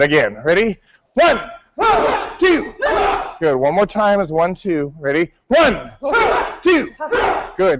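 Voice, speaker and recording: High-voiced man barking drill counts. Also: highs cut off, heavy background noise. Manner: barks counts, coaching and correcting. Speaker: martial arts instructor. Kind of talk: teaching a class, counting drills.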